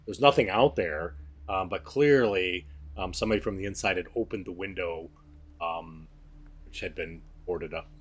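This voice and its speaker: Male game master, rambling tabletop narration, low pitch, husky tone. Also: normal speed. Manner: relaxed, rambling, many fillers.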